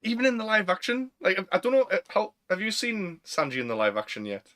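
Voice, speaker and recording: A Northern English man co-hosting a relaxed podcast chat, with a fairly high-pitched voice. He talks in slang, gets animated and laughs often. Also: fast talker. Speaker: podcast co-host. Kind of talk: casual chat.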